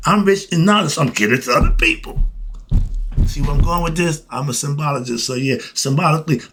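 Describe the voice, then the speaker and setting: A male host with a mid-range, slightly rough, somewhat bright voice talks through a spiritual monologue. His style is blunt, slangy and emphatic, full of questions he answers on his own.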